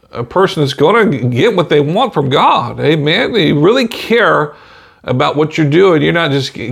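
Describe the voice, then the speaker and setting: A man with a fairly high, gravelly voice preaches a relaxed podcast sermon. He talks in a folksy way, scatters "amen" and "you know" throughout, and chuckles softly between points.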